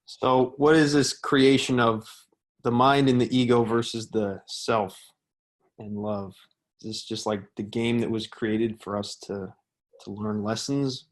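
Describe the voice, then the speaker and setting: A man on a call slowly and thoughtfully asking a teacher questions as a course participant. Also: mid-range voice, level tone. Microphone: call microphone.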